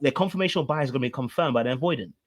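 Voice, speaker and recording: A man's voice: medium pitch, very fast. A man, a relationship coach, commenting on a played clip and explaining with repeated rhetorical questions.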